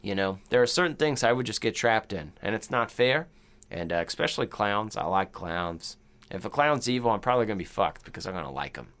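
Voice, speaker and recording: Animated casual man riffing on a movie. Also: fairly low pitch, fairly quick. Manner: animated, swearing, acts out quotes in silly voices. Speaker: podcast co-host. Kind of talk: casual movie review chat.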